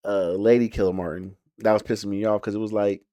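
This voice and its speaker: A man's voice: lowish voice, flat delivery, a little fast, dark tone, dry recording. Rambling casual man reviewing a show. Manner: rambling, with frequent fillers and restarts. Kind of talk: casual reaction talk.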